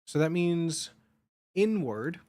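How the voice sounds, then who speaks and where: A young man livestreaming from home and chatting casually with his viewers. He rambles excitably and swears freely. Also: on the high side, slow pace. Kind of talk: casual stream chat.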